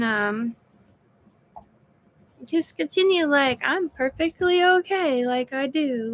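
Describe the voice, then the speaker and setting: A woman's voice: fairly high pitch, fairly bright tone. A woman giving a casual personal video update, weary and frank, sounding exhausted. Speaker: vlogger.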